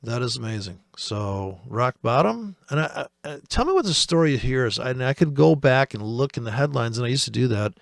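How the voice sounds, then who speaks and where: A man's voice: medium pitch, expressive, fairly quick, gravelly, few pauses, no room sound, clean studio sound. A man from the United States giving rambling, profane, sarcastic commentary on the markets as host of a trading channel.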